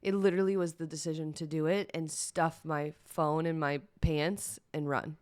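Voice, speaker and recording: Female podcast host, lowish voice, candid and chatty, close dry sound. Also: little pitch movement, normal speed, a little mellow, smooth, dry recording. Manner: candid, emotional, chatty with fillers. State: teary-eyed. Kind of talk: personal solo podcast talk.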